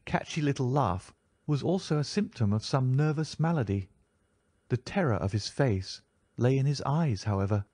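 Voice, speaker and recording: A man narrating a classic detective story in a measured, even storytelling voice. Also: mid-range voice, husky, dry recording, clean studio sound. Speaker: audiobook narrator.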